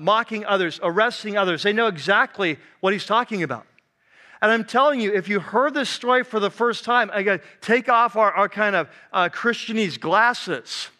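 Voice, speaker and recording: A man preaching a sermon, animated, swinging from loud emphatic passages to soft, low, quiet ones. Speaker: pastor.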